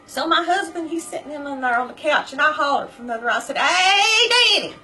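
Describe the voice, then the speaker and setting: A woman telling a story in a folksy, chatty, animated way to her viewers. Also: sits high, fast talker, soft background music, poor audio. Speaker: vlogger. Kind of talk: casual storytelling.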